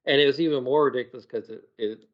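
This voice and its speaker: A man's voice: mid-range voice, fast, muffled recording. A man co-hosting a casual podcast chat, joking in a laid-back way.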